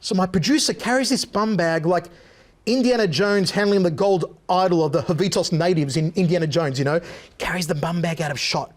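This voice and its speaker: A man sits as a guest on a talk show and spins long, animated stories. His voice sits notably high for a man, and he slips into the voices of the people he describes. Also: brisk. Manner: lively storyteller who mimics other people's voices. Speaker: interview guest. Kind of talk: animated anecdote-telling.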